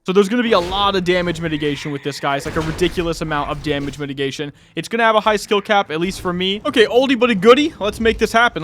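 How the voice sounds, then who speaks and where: A high-pitched man talks through his gameplay in a loose, chatty way, thinking out loud as he goes. He gets excitable when things heat up, and there is a faint hum of noise behind him. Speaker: gaming youtuber. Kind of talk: casual gameplay commentary.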